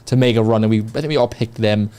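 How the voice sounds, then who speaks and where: A man's voice: on the low side, fast talker, mellow, clean tone. A man co-hosting a local sports show, easygoing and a little hesitant, often restarting his sentences. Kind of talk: casual sports talk.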